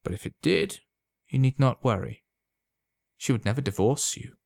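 A man voicing a sly, calm old man who sells love potions, speaking smoothly and unhurriedly in a quietly insinuating way. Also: mid-range voice, normal speed, no echo, studio quality, pitched above the performer's own voice, close to an everyday voice. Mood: knowing.

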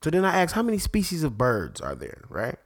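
A man, a parent, hosting a faith podcast in an excitable, rambling monologue that keeps interrupting itself. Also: on the high side, brisk. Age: adult parent. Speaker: podcast host.

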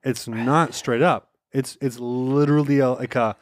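Man, podcast co-host, casual recap, wry and rambling, medium pitch, dead-dry sound. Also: steady tone, a little slow, dry recording. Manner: rambling, wry, reads from notes. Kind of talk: casual chat recapping an anime episode.

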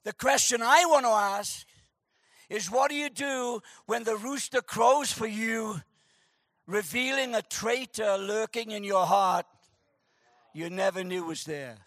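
A man preaching a sermon, animated and joking, who shouts for emphasis. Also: high-pitched, a little slow, no echo, studio quality. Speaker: pastor.

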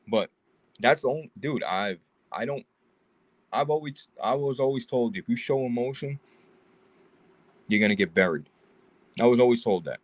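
A man's voice: mid-range voice, no room sound. A man co-hosting a casual podcast chat, talking loosely with lots of restarts. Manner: loose, rambling, many restarts. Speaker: podcast co-host.

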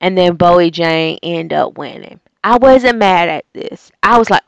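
A woman's voice: lowish voice, a little slow, gravelly, few pauses, smooth, no room sound, lo-fi sound. A woman giving a casual, opinionated reality TV recap, sassy and exasperated, firing off rhetorical questions.

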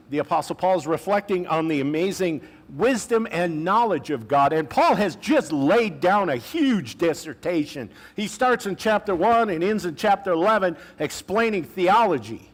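A male pastor preaching a sermon in a conversational way, with casual asides and slang, slowing down to stress key phrases. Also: sits high, expressive.

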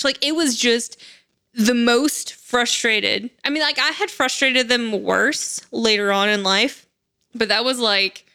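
A woman's voice: on the high side, sharp tone, clear, resonant tone. A woman co-hosting a podcast, telling a personal story in candid, casual chat. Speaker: podcast co-host.

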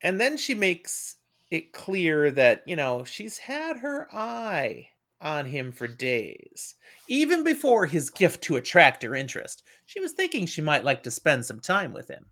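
A middle-aged man recapping a story with plenty of energy, dipping in and out of the characters' voices. His tone is bright and his pitch moves a lot. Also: unhurried. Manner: animated retelling, acting out the characters. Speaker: podcast host. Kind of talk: casual book discussion.

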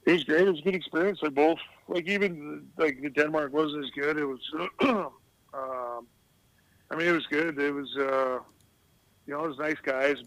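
A man's voice: on the high side, fairly even intonation, normal speed, a bit bright, no room sound, rough recording. A middle-aged man who used to play pro hockey, telling loose, rambling stories as a guest on a casual podcast and laughing at his own anecdotes. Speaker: guest, retired hockey player.

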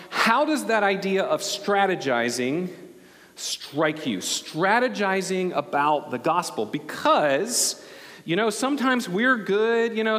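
A male pastor telling a story in a relaxed, conversational sermon, often restarting his sentences. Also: high voice, big-room sound.

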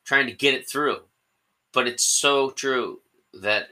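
A man's voice: medium pitch, a little slow, pushed and bright, poor audio. A man hosting his own solo podcast, talking casually in a rambling, self-deprecating way with frequent restarts. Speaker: podcast host.

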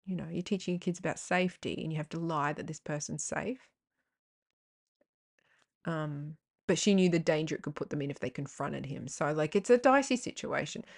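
A woman's voice: sits low, normal speed, vocal fry. A woman hosting a podcast, talking frankly in a rambling way, with swearing, fillers and tangents. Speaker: podcast host. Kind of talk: candid personal podcast monologue.

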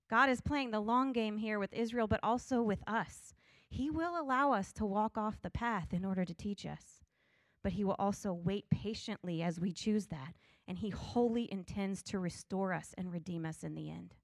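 A woman's voice: medium pitch, moderate pace, dry recording, clean studio sound. A middle-aged woman teaching a Bible study in an earnest, conversational way, reading scripture passages aloud.

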